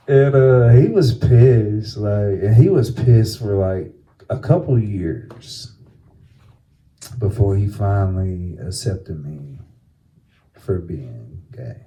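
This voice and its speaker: Slow-talking gay podcast host, mellow voice, loose and profane storyteller. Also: male voice, on the low side, lively intonation. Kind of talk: casual storytelling chat.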